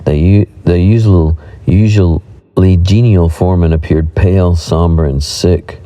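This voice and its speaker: Deep, dark-voiced male narrator. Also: steady tone, a little slow, rough recording. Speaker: audiobook narrator. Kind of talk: audiobook narration of a western.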